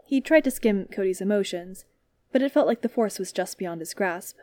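A woman reading a story aloud as narrator, in a calm, steady manner. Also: mid-range voice, moderate pace, no echo.

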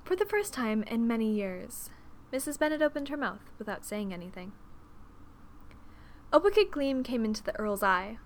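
Expressive woman narrating an audiobook. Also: fairly high pitch, a little hiss or hum. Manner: expressive, measured storytelling.

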